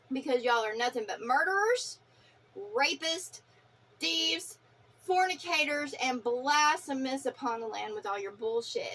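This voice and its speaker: High-voiced woman in a profane spiritual rant. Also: a bit bright. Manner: fiery, profane, preachy and defiant. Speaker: vlogger.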